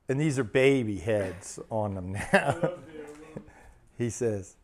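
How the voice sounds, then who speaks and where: Slow-talking man telling a funny story. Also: fairly low pitch, animated. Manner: laughs at his own stories, rambling retelling. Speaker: minister and channel host. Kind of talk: casual storytelling chat.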